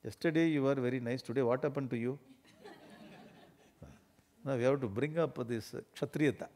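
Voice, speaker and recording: A man giving an animated, emphatic spiritual discourse, often laughing as he talks. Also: medium pitch, normal speed.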